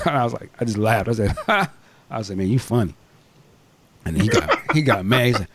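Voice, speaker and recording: A man's voice: medium pitch, very animated, brisk, no echo. A man casually telling a story on a podcast, laid-back and slangy, acting out both sides of a phone call. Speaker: podcast co-host.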